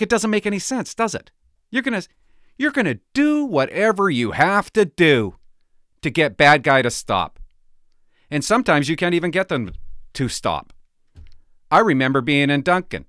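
A middle-aged man rants in a sarcastic, exasperated way, and his voice leaps up and down as he mocks what he reads. He sits a little higher than most men and sounds close and dry, with no room around him. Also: big pitch swings, moderate pace, long pauses, a bit bright, no room sound. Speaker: former police officer reacting to news. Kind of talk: opinionated commentary vlog.

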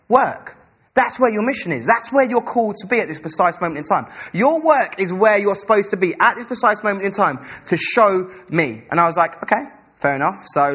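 Young guy preaching, husky voice, kinda high, acts out all the dialogue. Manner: animated storytelling, acting out dialogue. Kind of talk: sermon.

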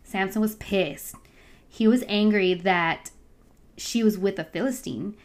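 Young adult woman, casual storyteller, lively and slangy, middle pitch. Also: measured pace. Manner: chatty, animated, acts out voices with slang. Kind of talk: casual Bible story retelling.

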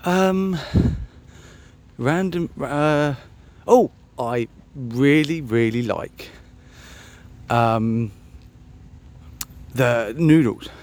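A man's voice: medium pitch, very slow, long pauses, a little mellow. A man musing aloud on a solo podcast, meandering and self-mocking, with many ums and restarts. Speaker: podcast host. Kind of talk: rambling solo podcast chat.

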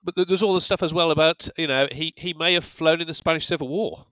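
Halting male podcast host, dry sound. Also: a little high, a bit bright, dry recording. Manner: halting, repeats words while asking. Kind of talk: interview questions.

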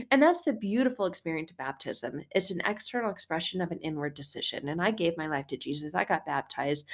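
A middle-aged woman hosts a casual faith podcast, chatty and animated, sometimes laughing, occasionally swearing, and acting out little quotes. Her voice sits on the low side.

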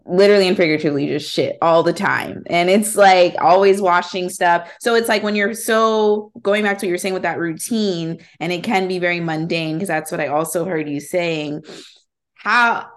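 Rambling, laughing woman podcast host. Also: on the low side. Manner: rambling, laughs often, restarts questions. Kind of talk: casual podcast conversation.

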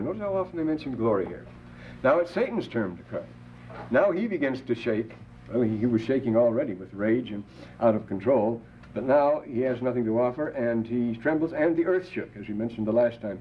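A man's voice: mid-range voice, expressive, a little fast. An older man giving a classroom lecture, digressing with asides and rhetorical questions and quoting scripture with rising emphasis. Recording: dull lo-fi classroom tape with faint hiss.

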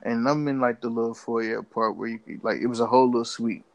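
Gravelly young man telling a wild story. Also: mid-range voice, fast, no echo. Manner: animated storyteller, acts out his own reactions in slang. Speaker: podcast co-host. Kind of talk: casual storytelling.

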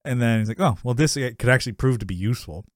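A man's voice: mid-range voice, rapid-fire, no room sound, clean studio sound. A man co-hosting a podcast, recapping a sitcom episode in casual chat, rambling, laughing often and acting out quotes.

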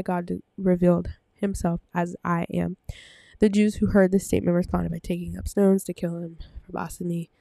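Woman, casual Bible teaching, gravelly, dry close sound, rambling, slightly breathless. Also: lowish voice, dark tone, dry recording. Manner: rambling, many fillers and self-corrections. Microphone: desk microphone.

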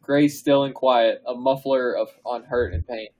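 A man co-hosting a podcast, reading fan fiction aloud in a comedic dramatic reading, pausing for laughs and asides. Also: medium pitch, steady tone, lo-fi sound. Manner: reads slowly, breaks into laughs and asides.

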